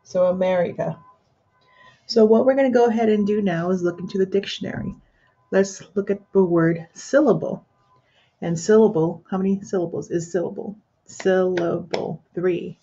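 A woman with a mellow, somewhat husky voice, teaching a pronunciation lesson as if to a class in the room. She asks questions, waits for answers and fills the gaps with fillers. The sound is a dull, lo-fi screen recording. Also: mid-range voice. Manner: addresses an imagined class, pauses for answers, many fillers. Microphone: screen recorder with built-in microphone.

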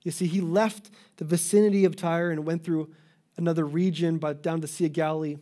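A middle-aged man preaches a sermon with earnest, pleading emphasis, sometimes breaking off and restarting a phrase. His voice sits a little high but sounds mellow and warm. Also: little pitch movement, a little fast. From Canada. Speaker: pastor.

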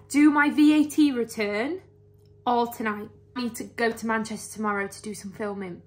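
A woman's voice: a little high, steady tone, brisk. A young woman chatting casually and self-mockingly to her phone camera as a vlogger. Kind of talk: casual vlog commentary. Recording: noisy street and crowd background.

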